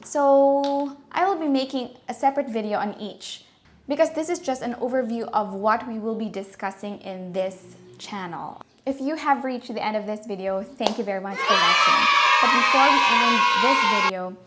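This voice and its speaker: A young Filipino woman with a Filipino accent giving a casual pronunciation lesson, switching between Tagalog and English, playful and slowing down to show each word. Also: a little high, pushed and bright, slight background noise. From Philippines. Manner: chatty, playful, laughs at own jokes, slows to demonstrate words. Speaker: pronunciation teacher.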